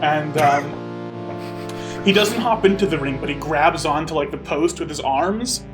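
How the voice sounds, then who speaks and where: A man tells his move in a tabletop role-playing game. He paints vivid scenes as he narrates. His voice sits on the high side. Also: measured pace, over music. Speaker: player.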